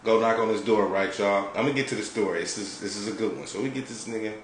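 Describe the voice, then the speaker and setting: A man from Detroit, a podcast host, telling an animated, profane story in a laid-back way. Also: on the low side, fast. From Detroit, United States. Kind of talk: casual storytelling. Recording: roomy with faint background noise.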